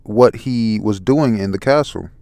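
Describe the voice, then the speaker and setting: A man voicing an earnest male giant who insists on what he saw, speaking slowly. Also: on the low side, gravelly, warm tone, dry recording. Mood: insistent.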